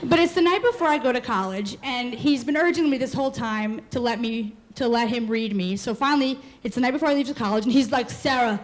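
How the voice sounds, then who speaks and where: A woman in her twenties performing a live comic storytelling set, animated and quick, often laughing through her lines. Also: fairly high pitch. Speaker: comedic storyteller.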